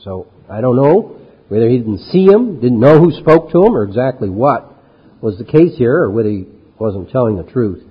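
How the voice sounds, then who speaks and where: A man's voice: medium pitch, very animated, moderate pace, breathy edge. A man preaching an expository sermon, reading scripture aloud with rising force and then commenting in a conversational way. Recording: lo-fi recording with long hall reverb.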